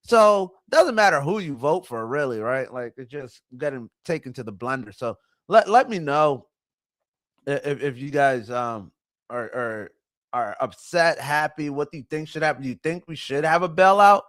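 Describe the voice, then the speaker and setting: A man hosting a casual commentary show, talking in an animated way, with rhetorical questions and mocking voices. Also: a little high, normal speed. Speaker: show host.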